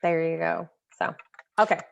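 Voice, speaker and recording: A woman co-hosting a casual movie discussion, telling stories in an animated, laughing way. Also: fairly low pitch, normal speed, vocal fry. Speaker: co-host.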